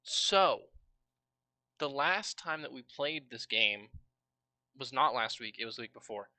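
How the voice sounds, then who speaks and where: A man's voice: mid-range voice, lively intonation, a little slow, pushed and bright, no room sound. A man as game master, recapping a tabletop game on a livestream in a casual, rambling way, with swearing and many fillers.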